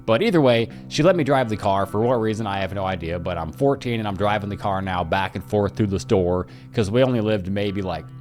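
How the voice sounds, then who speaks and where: A young man casually telling a story from his own life, profane and animated. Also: lowish voice, brisk, few pauses, soft background music.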